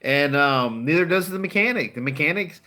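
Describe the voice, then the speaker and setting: A man's voice: fairly high pitch, lively intonation, moderate pace, sharp tone. A middle-aged man and car dealer giving a fired-up, profane, blunt motivational talk to his channel's viewers.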